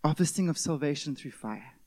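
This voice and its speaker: A man preaching a sermon, stressing key words loudly and then dropping to a hush. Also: fairly high pitch, animated, fairly quick. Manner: emphatic preaching, swings between loud stresses and hushed drops. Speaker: pastor.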